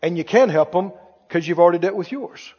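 A pastor with a high, lively voice preaches briskly to a live church congregation, hammering home key phrases and asking the crowd if they hear him. The recording sounds dull and lo-fi, with an echoey hall around him.

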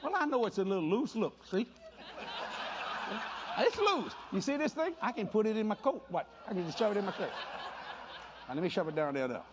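An older man preaching a sermon, animated and playful, telling stories with quick voices and laughter. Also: high voice, noisy background. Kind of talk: sermon mixed with storytelling. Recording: dull lo-fi sound.

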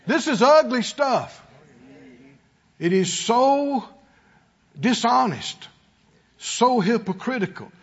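A man's voice: extremely high pitch, sing-song, slow pace, long pauses, breathy edge, muffled recording. A man preaching a sermon as pastor, emphatic, with call-and-response to his congregation.

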